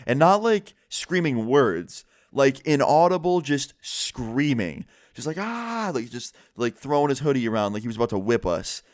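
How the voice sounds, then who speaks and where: A man's voice: mid-range voice, lively intonation, normal speed, few pauses, dry recording, studio quality. A young man casually telling a storytime tale to his viewers, chatty and full of fillers. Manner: chatty, filler-heavy retelling. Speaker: vlogger.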